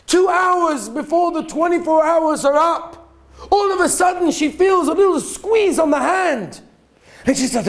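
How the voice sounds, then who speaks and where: High-voiced rabbi pleading in a sermon. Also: male voice, expressive, a little slow. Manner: swings between pleading shouts and hushed near-whispers. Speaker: rabbi giving a talk. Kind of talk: emotional story sermon.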